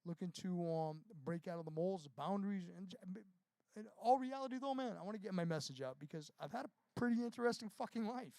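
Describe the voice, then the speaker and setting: A man's voice: high-pitched, animated, quick pace, mellow, no room sound. A man, a band frontman, talking casually and profanely in an interview, rambling through stories. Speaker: touring band frontman, guest.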